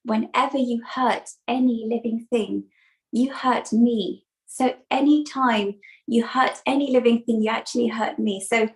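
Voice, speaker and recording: A woman voicing a busy, wise mother goddess in a calm, gentle, instructive way. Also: on the high side, a little slow, poor audio. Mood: solemn.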